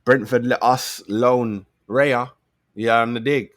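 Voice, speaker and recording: A man's voice: mid-range voice, fairly even intonation, slow pace, dry recording, clean studio sound. A young man, giving a casual football fan commentary full of slang, often repeating himself for emphasis. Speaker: football fan channel host.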